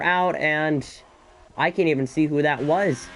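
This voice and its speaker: A man doing solo live commentary on an esports race, excitable and a bit out of breath, with chatty asides between the action. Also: on the high side, a little slow. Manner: excitable, rising to shouts in battles, chatty asides.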